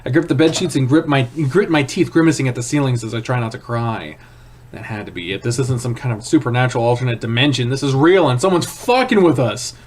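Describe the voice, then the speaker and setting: A man reading a visual novel aloud in first person, with a hushed, tense, dramatic delivery. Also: medium pitch, quick pace. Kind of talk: first-person story narration.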